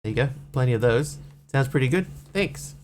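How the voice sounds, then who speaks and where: A man's voice: medium pitch, lively intonation, a little fast, a little mellow, slight background noise. A man streaming a video game, chatting casually and joking as he reads chat aloud. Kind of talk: casual gameplay commentary.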